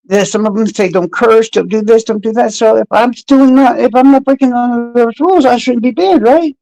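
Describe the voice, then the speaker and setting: A man's voice: very high-pitched, brisk, creaky, dark tone, no room sound, rough recording. A man talking casually and sarcastically to viewers on a live stream, rambling and cursing. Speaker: true crime streamer.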